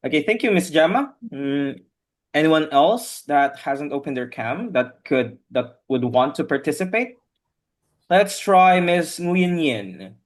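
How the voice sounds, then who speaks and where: A man's voice: fairly high pitch, expressive, takes it slowly. A man teaching an online English class over a video call, patient and repetitive, often saying "okay" as he guides learners.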